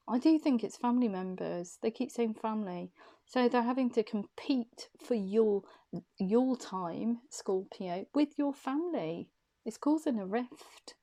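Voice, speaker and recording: A woman with a warm, mellow voice reads tarot cards for the viewer. She interprets each card loosely, thinking aloud as she goes, at a middling pitch for a woman. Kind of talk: intuitive tarot reading, addressing the viewer.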